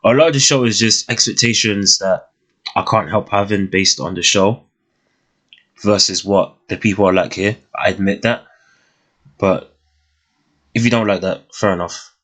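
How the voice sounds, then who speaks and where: A young man giving a casual, thoughtful review of a TV series, often pausing and restarting his sentences. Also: lowish voice, fairly bright tone. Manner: thoughtful, hesitant, many restarts and fillers.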